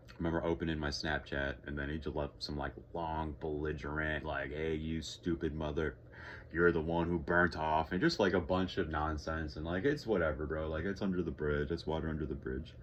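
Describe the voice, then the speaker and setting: A man's voice: rumbling low, steady tone, brisk, a little hiss or hum. A young man from Texas talking casually in a vlog, rambling, swearing freely and sighing often. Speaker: vlogger.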